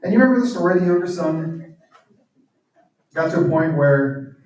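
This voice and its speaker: Male guest preacher, mellow, storytelling style, distant mic in a very echoey hall. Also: fairly high pitch, expressive, moderate pace. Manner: conversational storytelling. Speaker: guest speaker and author. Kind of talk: sermon. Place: large church hall.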